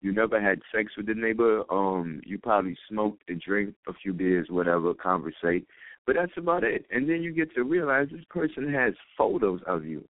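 A low-voiced man calls into a talk show and rants, profane and rambling, heat rising as he goes. His voice comes through a tinny phone line with a dry, close sound. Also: expressive, normal speed, no echo. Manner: profane, rambling, heated rant. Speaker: caller. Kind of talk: call-in radio talk.

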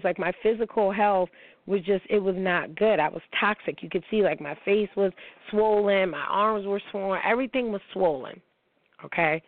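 A woman's voice: medium pitch, dry recording. A woman talks straight through her story with lots of fillers and plenty of cursing. Her voice sits in a middle range. It comes over a thin, phone-like line with no room sound at all. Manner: frank and profane, many fillers. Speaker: host of a personal talk show. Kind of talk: candid storytelling monologue. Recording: tinny phone-like sound, dry.

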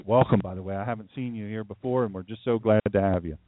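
A man's voice: on the low side, fast talker, dry recording. A man from downstate Delaware preaching a livestream sermon as pastor, folksy and conversational, with rambling asides. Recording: dry, tinny phone-like sound.

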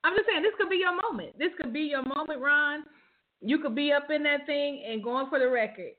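A woman's voice: high voice, brisk. A woman hosting a casual comedic chat show, exasperated and emphatic, laughing as she argues back. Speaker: host. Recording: tinny phone-like line.

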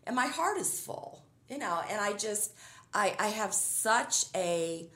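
A woman's voice: medium pitch, expressive, takes it slowly, fairly bright tone, reverberant. A middle-aged woman talking casually as an interview guest, upbeat and chatty, often laughing as she tells stories.

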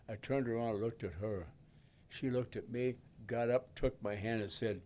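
A man in his nineties from Detroit, telling a personal story as a guest in a halting, emotional and folksy way, with many restarts. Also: mid-range voice, darkish tone, slight background noise. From Detroit, USA. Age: 90s. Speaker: guest, veteran and pastor.

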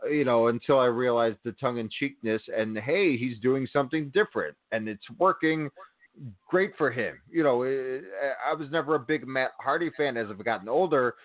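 A man with a mid-pitched voice rambles through a casual podcast chat, full of fillers and restarts. His voice comes over a narrow, phone-like line with a dry, close sound. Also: normal speed, no room sound. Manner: rambling, many "you know" fillers. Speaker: podcast co-host. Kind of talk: casual chat about wrestling.

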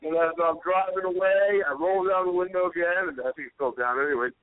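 A young man co-hosting a podcast, telling rambling stories in an animated way and yelling the quoted lines. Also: high voice, fast talker, dry recording. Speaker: podcast co-host. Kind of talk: casual storytelling chat. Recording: dry, tinny phone-like audio.

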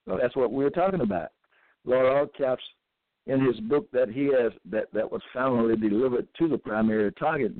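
A man reading scripture verses aloud and commenting on them in a deliberate, repetitive, halting way. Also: mid-range voice, no echo. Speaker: self-styled religious teacher. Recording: tinny phone-like dry recording.

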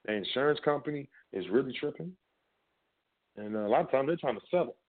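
A man hosts a talk show and explains things casually with plenty of emphasis. His voice sits at an ordinary middle pitch. The sound is narrow and tinny, as if it came over a phone line. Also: expressive, a little fast. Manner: conversational and emphatic, with repeated filler phrases. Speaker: podcast host. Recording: phone-like narrow band audio.

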